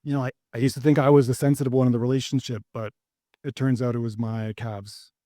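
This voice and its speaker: A young man doing a stand-up set, rambling and hesitant with many restarts, landing deadpan punchlines. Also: mid-range voice, quick pace, dry recording, studio quality. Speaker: stand-up comedian.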